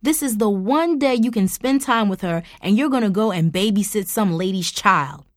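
A woman voicing an angry, exasperated middle-aged mother who scolds loudly. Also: mid-range voice, normal speed, no room sound, clean studio sound, natural voice. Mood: fuming. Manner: scolding, loud and indignant.

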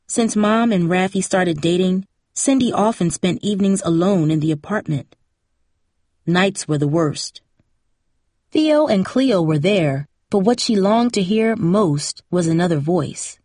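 A woman narrates a novel in a steady, measured way. Her voice sits fairly low, and the recording is dry and close, with no room sound around it. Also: no room sound. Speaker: audiobook narrator. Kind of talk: scripted narration.

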